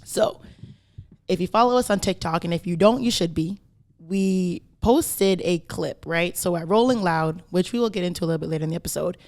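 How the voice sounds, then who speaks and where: A woman's voice: on the low side, a little fast, a little mellow. Emphatic woman podcast host. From Canada. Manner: emphatic, tags points with "right?" and "okay?". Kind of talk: casual podcast chat.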